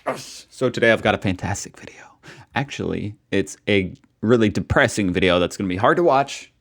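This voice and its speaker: A man's voice: fairly low pitch, animated, fairly quick. A man hosting a reaction video who makes wry, sarcastic asides about the clips. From United States. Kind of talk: casual reaction commentary.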